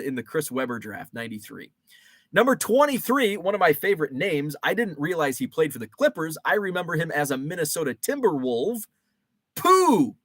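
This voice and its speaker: A man's voice: fairly high pitch, a bit bright, no echo. A man in his forties hosting a casual rambling monologue, thinking aloud with fillers and restarts. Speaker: show host. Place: home basement.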